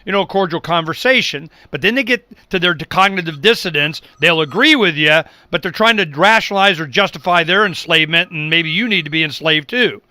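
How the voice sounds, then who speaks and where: Emphatic, bright-voiced male talk show host. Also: fairly high pitch, a little fast, few pauses, no room sound. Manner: emphatic, acts out quoted people, repeats words when worked up. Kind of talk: animated political talk show chat.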